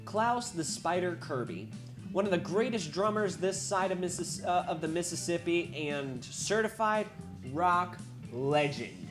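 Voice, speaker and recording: A woman reading a visual novel aloud, wry, with asides and quick self-corrections. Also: fairly low pitch, animated, over music. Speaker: game reader.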